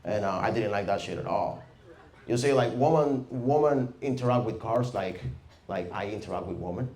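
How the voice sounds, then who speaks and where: Young venezuelan guy doing standup, spanish accent, deadpan and mumbly, low voice, echoey club room. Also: normal speed. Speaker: stand-up comedian. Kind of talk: stand-up set. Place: comedy club stage with audience. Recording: roomy club sound with faint noise.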